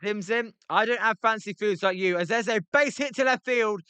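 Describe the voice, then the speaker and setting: A young British man giving casual live play-by-play commentary on baseball while chatting with viewers and filling pauses with ums. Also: sits high, pushed and bright, smooth, no echo. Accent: British English. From Britain. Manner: rambling, many ums, reads chat aloud. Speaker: livestream commentator. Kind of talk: casual play-by-play with chat reactions.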